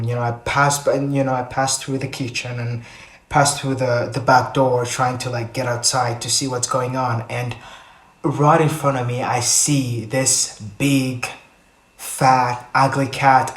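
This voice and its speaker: A young man telling a story casually to his channel, rambling with many restarts and fillers. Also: medium pitch. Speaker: vlogger. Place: indoors at home. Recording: echoey room.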